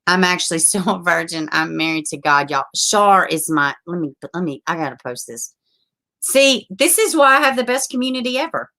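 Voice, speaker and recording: A woman's voice: fairly low pitch, animated, normal speed, pushed and bright. A woman, hosting a casual livestream, chatting with viewers, laughing often and swearing freely. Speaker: livestream host reading viewer comments.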